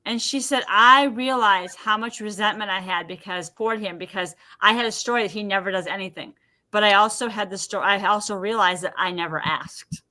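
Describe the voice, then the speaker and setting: A woman's voice: medium pitch, brisk. A woman guest on a podcast interview, telling personal stories and acting out what people said. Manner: animated storyteller acting out quotes. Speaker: podcast guest, emotion healer.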